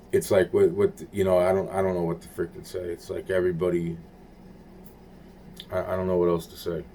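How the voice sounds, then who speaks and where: A man's voice: deep voice, mellow, slight background noise. A man talking in a rambling, repetitive monologue, swearing and searching for words.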